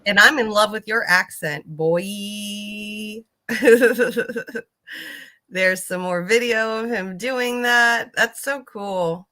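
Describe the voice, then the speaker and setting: A woman's voice: mid-range voice, slow pace, bright, forceful tone. A woman giving casual reaction commentary on videos, rambling with lots of fillers and casual swearing.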